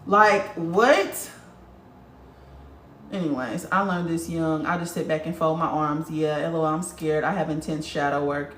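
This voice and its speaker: A low-pitched, slightly slow female voice hosts a relaxed spiritual livestream, voicing viewers' comments with blunt, profanity-heavy, animated energy. There's a faint hiss or hum, and the sound is roomy and distant from the mic.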